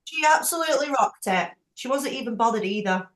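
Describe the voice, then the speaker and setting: A woman leading a group call, chatty and frank, quick to laugh. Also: a little high, expressive, fairly bright tone, reverberant. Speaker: team leader hosting a group call. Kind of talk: casual chat.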